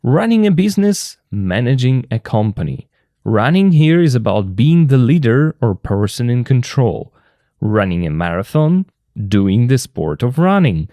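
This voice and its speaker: A man whose first language is Russian, explaining an English textbook lesson slowly and carefully as a teacher. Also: mid-range voice, big pitch swings, mellow, no echo, studio quality.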